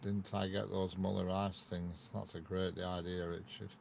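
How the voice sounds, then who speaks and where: A man's voice: low-pitched, little pitch movement, measured pace, vocal fry, a little mellow, a little hiss or hum. A man hosting a casual livestream, joking and greeting viewers by name. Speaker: livestream host. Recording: dull lo-fi sound, faint ambience.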